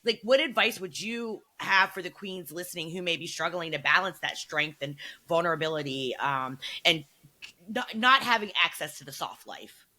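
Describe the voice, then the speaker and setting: A woman hosting an interview, responding warmly and laughing easily as she reflects and asks questions. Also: fairly low pitch, expressive, moderate pace. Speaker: interview host. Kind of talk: conversational interview.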